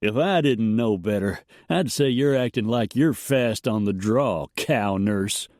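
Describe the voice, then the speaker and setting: A man's voice: on the low side, measured pace, a little mellow, dry recording, studio quality, lightly acted. A man doing a sneering western gunman. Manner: sneering, taunting. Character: sneering hired gunman, cocky.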